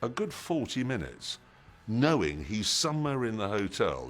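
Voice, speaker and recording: Male TV presenter, lowish voice with a wide lively swing, chatty anecdotal press-interview read. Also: moderate pace, hardly any pauses, faint music behind. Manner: animated anecdotes, lively delivery.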